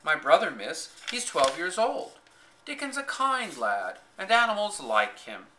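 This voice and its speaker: A man's voice: fairly high pitch, wildly swooping pitch, unhurried, sharp tone, a little hiss or hum, pitched above the performer's own voice, full character voice, low-quality recording. A man voicing a young housemaid with a broad Yorkshire accent, blunt and cheerful in manner. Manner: broad dialect, hearty and forthright.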